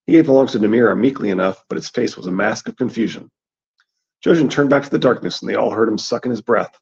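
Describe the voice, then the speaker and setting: A man's voice: on the low side, quick pace, vocal fry, a little mellow, breathy edge. A man reading a novel aloud expressively, with his own commentary in between. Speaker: audiobook reader and theory commentator. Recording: dull lo-fi recording.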